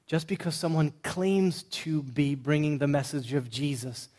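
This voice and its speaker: A man's voice: on the high side, measured pace, darkish tone. A man preaching a sermon in an emphatic, conversational way, stacking short punchy lists. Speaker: pastor.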